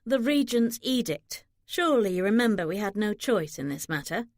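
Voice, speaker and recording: A woman reading an audiobook, voicing a sharp-tongued middle-aged mother who speaks wryly and mutters asides. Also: medium pitch, animated, moderate pace, no room sound, natural voice. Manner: dry, wry, muttering.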